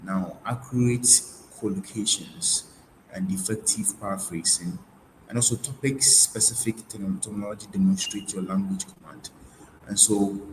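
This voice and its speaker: A man with a fairly low voice gives a webinar lesson. He restates each point and often stops to restart with fillers. The room sounds roomy, with a faint hiss behind him. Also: steady tone, moderate pace. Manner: repeats key points, frequent fillers and restarts. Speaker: IELTS tutor. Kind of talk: webinar lecture.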